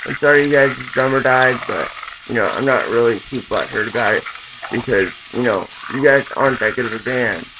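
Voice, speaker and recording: Gravelly young man ranting to camera. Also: medium pitch, brisk, dull audio, noisy background. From Southern California. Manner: profane, rambling, full of fillers. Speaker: vlogger. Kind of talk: casual rant to camera. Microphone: camera mic.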